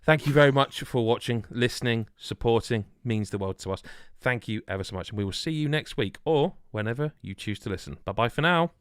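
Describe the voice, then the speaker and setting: A man in his thirties hosting a podcast, loud, rambling and jokey. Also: mid-range voice, expressive, brisk, few pauses, clean tone, dry recording, studio quality. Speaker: podcast host. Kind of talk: casual chat.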